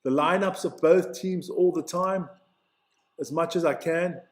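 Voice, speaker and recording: Man from Switzerland, live play-by-play, chatty and excitable, high voice, echoey room. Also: a little slow. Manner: chatty, excitable, stumbles over names. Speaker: live-stream commentator. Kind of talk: casual live play-by-play commentary.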